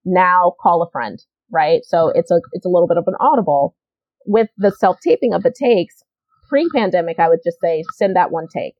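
A woman's voice: mid-range voice, dry recording, muffled recording. A woman working as a casting director, giving advice in a casual, chatty interview, with lots of "you know" and repeated words for emphasis.

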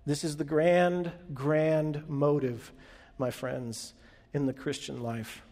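A man preaching a sermon as pastor, talking conversationally and asking the room questions, swelling and dropping his loudness for emphasis. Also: fairly high pitch, little pitch movement, slow. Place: large hall with an audience. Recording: long hall reverb.

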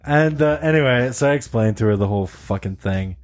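A man telling a long story in casual chat, animated, laughing often and swearing freely. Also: mid-range voice, fairly quick. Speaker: podcast host telling a story.

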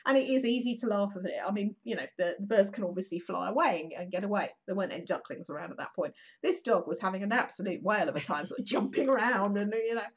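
A woman, a regular on the show, telling a local anecdote in a chatty, animated way, acting out quotes with plenty of fillers. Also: medium pitch, quick pace, hardly any pauses, breathy edge, muffled recording. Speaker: regular contributor. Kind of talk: casual storytelling chat.

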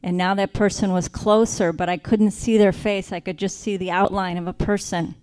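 A woman's voice: medium pitch, fairly even intonation, a little mellow, smooth. Earnest woman telling her faith story. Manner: earnest, reflective, slows down for emphasis. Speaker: speaker sharing her faith testimony. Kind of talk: personal testimony storytelling.

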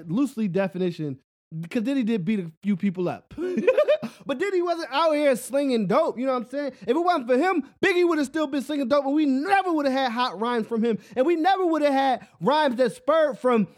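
High-voiced man ranting casually. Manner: rambling, animated, repeats "you know what I'm saying"; laughs at his own jokes. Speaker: podcast host. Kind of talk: solo casual rant.

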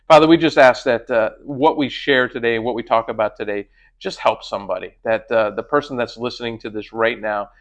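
A man's voice: mid-range voice, highs cut off. Man hosting a faith podcast. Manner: chatty, relaxed, leads the prayer. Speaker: podcast host. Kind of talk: casual chat and prayer. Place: cruise ship.

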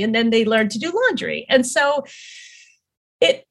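A woman's voice: on the high side, animated, a little slow, vocal fry, slight background noise. A middle-aged woman talking as a podcast guest, telling her story in an earnest, rambling way with many fillers and restarts. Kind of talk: casual conversational storytelling.

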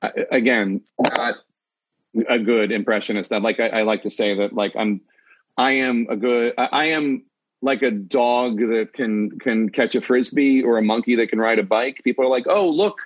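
Male host, anchor type, husky voice, quick and self-interrupting, dull lo-fi recording. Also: medium pitch, steady tone. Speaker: news anchor hosting the talk. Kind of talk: casual interview chat.

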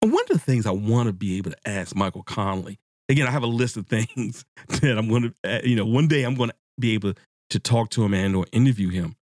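Excitable man hosting a book podcast. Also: lowish voice, quick pace, dry recording, studio quality. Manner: excitable, rambling, swears freely. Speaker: podcast host. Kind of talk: casual book-discussion podcast.

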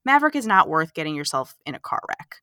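A woman co-hosts a relaxed movie podcast, retelling the plot with animated sarcasm and little put-on character lines. Her voice is bright and forward. The sound is dry and close, with no room around it. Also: low-pitched, fast talker, clear, resonant tone, dry recording. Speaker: podcast co-host. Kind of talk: casual movie recap chat.

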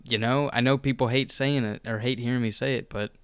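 A man's voice: medium pitch, brisk, smooth, no room sound, studio quality. A young man co-hosting a film podcast, talking casually and animatedly, often slipping into mock voices. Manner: animated, mimics characters in quoted asides. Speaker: podcast co-host. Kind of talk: casual chat.

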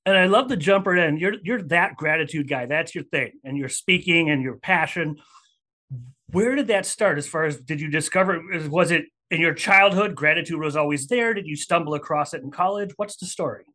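A man's voice: fairly high pitch, moderate pace, bright, forceful tone. A man hosting an interview podcast, asking friendly, rambling multi-part questions. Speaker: podcast host.

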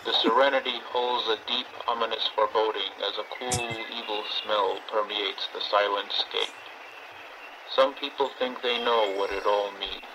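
A man as an ominous low film narrator. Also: fairly even intonation, normal speed, lightly acted. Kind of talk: solemn scripted voiceover. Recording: noisy old film audio.

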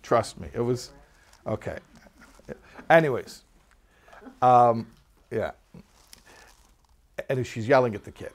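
A man's voice: medium pitch, takes it slowly, pauses often. Chatty man teaching a class. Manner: lively anecdotal delivery with questions to the class. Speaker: Torah teacher. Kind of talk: classroom lecture with storytelling.

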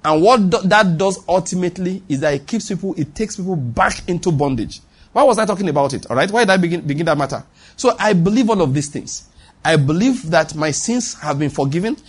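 A man's voice: high voice, animated, a little fast, breathy edge. A Nigerian man preaching a sermon with a Nigerian accent, emphatic and repetitive, calling on the congregation to respond. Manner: emphatic, repeats lines for stress, calls on the congregation.

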